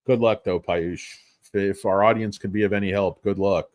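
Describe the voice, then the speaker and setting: On a casual livestream, a middle-aged man rambles about stocks, swearing often and poking fun at himself. His voice sits lowish with fairly even intonation and a darkish tone, at a moderate pace, captured dry and at studio quality.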